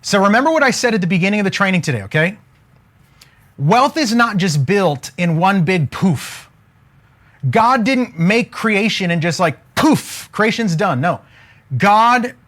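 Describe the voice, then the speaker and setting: A man coaching on wealth during a live stream, energetic and casual, joking and preacher-like as he keeps asking viewers to comment. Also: high-pitched, a little slow.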